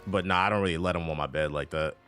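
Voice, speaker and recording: A man's voice: low-pitched, fast, soft background music. A man streaming a game, chatting casually and profanely with his chat while he plays. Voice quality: profane, loose and animated.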